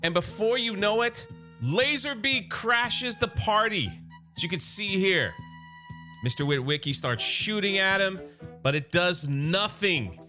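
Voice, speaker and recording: A man who recaps comic book stories casually, an excited, chatty storyteller who paraphrases the characters as he goes. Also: sits high.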